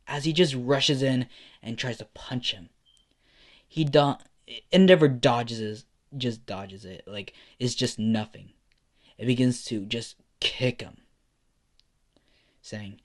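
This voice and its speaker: Rich: A young man tells an improvised fan story at a slow, easy pace. He talks casually, dropping fillers and correcting himself as he goes. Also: mid-range voice.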